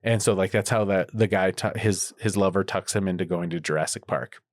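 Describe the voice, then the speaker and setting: A low-voiced podcast co-host rambles through a casual chat at a fairly quick pace, full of fillers and restarts. The studio-quality sound has no echo.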